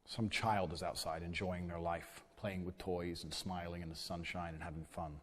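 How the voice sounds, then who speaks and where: A man speaks through an edit that drops his voice to a very deep, slowed rumble. His delivery is a sneering, mock-villainous boast. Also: flat delivery. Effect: pitched far down.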